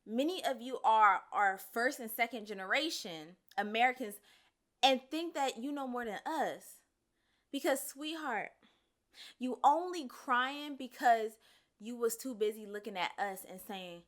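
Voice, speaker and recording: A woman's voice: a little high, animated, unhurried. A woman hosting a commentary show, talking in a blunt, sassy and profane way. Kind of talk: casual social commentary.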